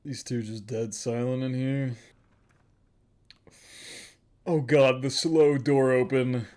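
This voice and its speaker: Male reaction YouTuber, mid-pitched, excitable and gushing, casual commentary. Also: measured pace. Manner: excitable, emotional, gushing, repeats himself.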